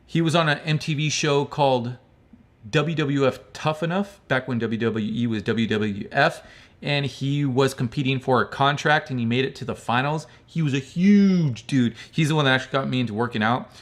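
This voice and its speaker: American man, livestream host, casual chat, rambling, friendly, mid-pitched voice, says he talks like a hick. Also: normal speed. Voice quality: calls his own speech hick-like. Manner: rambling, loose and friendly, calls viewers bro.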